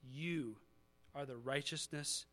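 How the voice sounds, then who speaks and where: A man's voice: medium pitch, takes it slowly, a bit bright. A male pastor preaching a conversational sermon, building to emphatic peaks before communion.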